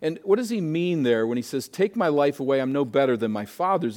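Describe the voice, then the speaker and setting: A pastor preaching a sermon, moving from emphatic peaks down to quieter, hushed asides. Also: male voice, a little high, animated, a little fast, few pauses.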